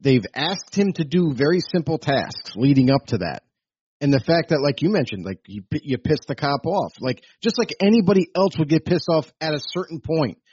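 A man's voice: a little high, animated, moderate pace, darkish tone, breathy edge, no echo, muffled recording. A man on a casual panel, steadily explaining his view step by step. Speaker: panel guest.

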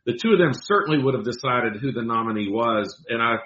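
A man who is a guest commentator on a political talk show, speaking in a measured, deliberate way. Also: medium pitch, expressive, a bit bright, reverberant, highs cut off.

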